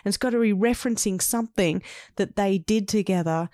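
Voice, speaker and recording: A woman, co-hosting a podcast in casual chat and telling stories with quick laughs. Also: medium pitch, dark tone, no echo, clean studio sound. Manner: chatty, storytelling, quick to laugh. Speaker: podcast co-host.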